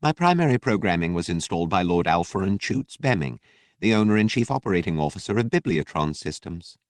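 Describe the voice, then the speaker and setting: A man's voice: low-pitched, big pitch swings, a little fast, dry recording. A man voicing a male librarian droid with a posh, clipped manner that sounds faintly disapproving. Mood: prim, polite.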